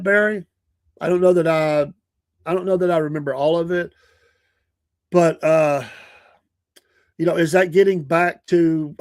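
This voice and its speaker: A Southern-accented man in his sixties hosts a casual morning show, talking in an earnest, rambling way full of restarts and small chuckles. His voice sits a little high for a man. The sound is dry and close, with no room around it. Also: a little mellow, no room sound. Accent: Southern American. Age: 60s. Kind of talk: casual livestream chat.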